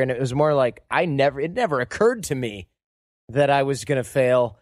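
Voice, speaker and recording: A man hosting a casual interview podcast, with a mid-pitched voice. He speaks reflectively and pokes fun at himself. The sound is dry and close to the mic. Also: expressive, fairly quick, no echo. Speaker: podcast host.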